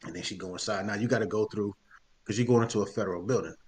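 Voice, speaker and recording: A man with a fairly low-pitched voice races through a story during a casual podcast conversation. He's lively and foul-mouthed, doing voices for each character in the tale.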